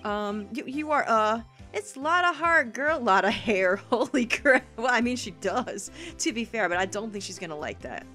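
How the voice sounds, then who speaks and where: Excitable woman playing a game. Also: medium pitch, normal speed, hardly any pauses. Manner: excitable, laughing, frequent exclamations. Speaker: let's play host. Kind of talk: video game commentary. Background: faint game music.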